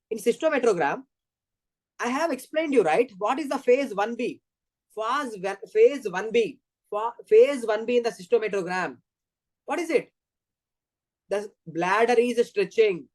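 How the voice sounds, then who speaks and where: A man's voice: very high-pitched, lively intonation, unhurried, no room sound. Indian man teaching physiology. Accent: Indian English. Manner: repetitive, explaining step by step. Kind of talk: online exam-prep lecture.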